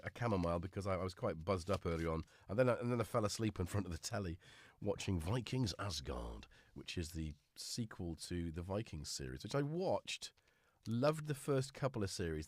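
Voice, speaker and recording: A man's voice: on the low side, a little mellow, no room sound. A middle-aged man with a cold, hosting a livestream in a rambling, jokey, self-mocking chat. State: congested with a cold. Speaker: livestream host.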